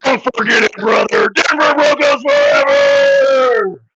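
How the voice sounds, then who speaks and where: A man putting on a loud, hyped-up pro wrestler voice, shouting drawn-out trash talk. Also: high-pitched, gravelly, lo-fi sound, heavy background noise, voice pushed up.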